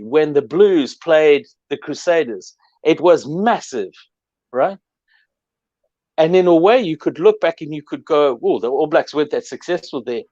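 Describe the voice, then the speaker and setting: A man's voice: a little high, a little mellow, no room sound, muffled recording. A middle-aged man recalling rugby history in a reflective, storytelling way, with many fillers, on sports radio.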